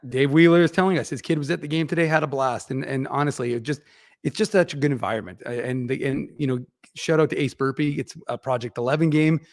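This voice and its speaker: Gravelly-voiced chatty man. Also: medium pitch, fast talker, dry recording, studio quality. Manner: rambling, chatty, many fillers and restarts. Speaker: regular podcast contributor reporting on the Moose. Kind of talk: casual hockey podcast chat.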